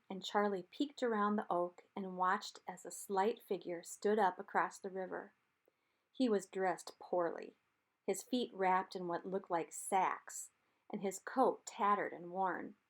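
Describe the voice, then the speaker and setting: A woman reading a novel chapter aloud as an audiobook narrator, with steady, measured storytelling. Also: medium pitch.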